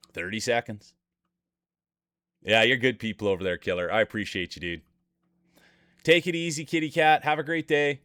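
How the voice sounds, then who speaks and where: A man's voice: lowish voice, fairly bright tone, slight background noise. Upbeat male streamer calling marble races. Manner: upbeat, greets chat viewers by name, hypes race finishes. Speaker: streamer and race commentator. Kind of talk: live-stream play-by-play commentary.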